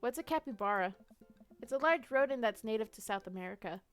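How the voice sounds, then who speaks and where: A woman's voice: fairly high pitch, lively intonation, a bit bright, clear, resonant tone. A young woman streaming a detective role-play game, narrating her moves playfully and laughing easily over faint music. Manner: playful, quick to laugh, reads out story text.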